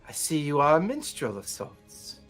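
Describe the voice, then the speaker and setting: A man's voice: on the high side, wildly swooping pitch, moderate pace, fairly bright tone, faint music behind, exaggerated voice. A stately sea council leader rises from her throne, voiced by a man running the game. Her speech is gracious and courtly, with a slightly pompous air.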